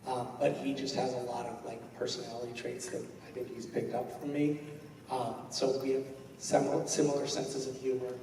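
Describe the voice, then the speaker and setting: A man's voice: medium pitch, flat delivery, a little fast, darkish tone, recorded from a distance, a little hiss or hum. A man in his forties answering a fan's question on stage, joking and self-mocking and rambling with many fillers. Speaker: convention panel guest. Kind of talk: comedic convention Q&A storytelling. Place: large convention hall. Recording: echoey hall recorded from afar.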